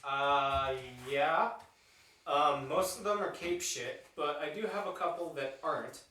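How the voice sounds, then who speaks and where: A man's voice: fairly high pitch, unhurried, pushed and bright. A young man co-hosting a podcast, chatting casually in a hesitant, profane way. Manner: hesitant, full of ums, profane. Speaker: podcast co-host. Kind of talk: casual chat. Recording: echoey room, distant mic.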